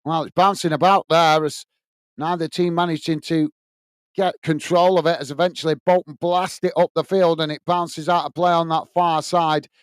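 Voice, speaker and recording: A man's voice: a little high, little pitch movement, normal speed, smooth, no echo. A man from England hosting a live football watch-along, calling the play and chatting as he reads out viewers' comments, openly backing his own team. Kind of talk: live fan commentary and chat reading.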